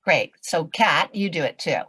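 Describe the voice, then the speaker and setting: On a video call, an older voice acting coach gives a passionate, expressive motivational talk, her low, raspy, nasal voice moving a little slowly. She swings from loud passages to whispers, and the recording is dry.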